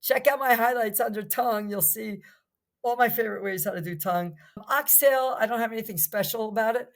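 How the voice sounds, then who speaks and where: A woman's voice: on the high side, fairly quick. Chatty older woman giving kitchen tips. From New Jersey. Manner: chatty, enthusiastic, rambling with restarts. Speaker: podcast guest. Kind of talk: casual chat.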